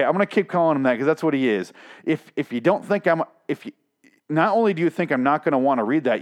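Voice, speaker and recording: A man reading an article aloud and mocking it with profane, incredulous rants. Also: a little high. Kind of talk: comedic reaction commentary.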